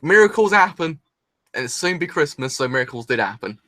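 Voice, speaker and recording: A young man gushes through his reaction, sighing and exclaiming with rambling restarts. His pitch leaps around animatedly and his tone is bright. The mic is close and dry. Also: sing-song, brisk, no echo. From England. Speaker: anime reaction host. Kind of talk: excited solo reaction video.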